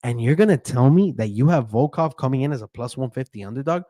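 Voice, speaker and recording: A man's voice: mid-range voice, expressive, quick pace, mellow, no echo, studio quality. A man who handicaps bets, giving a casual, profane fight breakdown and keeps checking in with "right?". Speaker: MMA betting handicapper.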